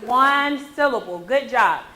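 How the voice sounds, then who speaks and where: A woman's voice: fairly high pitch, animated, takes it slowly, pushed and bright, low-quality recording. A woman teaching a music lesson to a classroom, encouraging and checking in with the children after nearly every point. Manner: encouraging, checks in with frequent "okay?". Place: school classroom.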